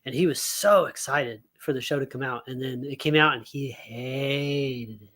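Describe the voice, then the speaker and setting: A man co-hosting a casual remote geek talk show, ranting in an animated way with frequent laughter and swearing. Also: medium pitch, moderate pace. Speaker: podcast co-host. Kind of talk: casual chat. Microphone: remote stream mic.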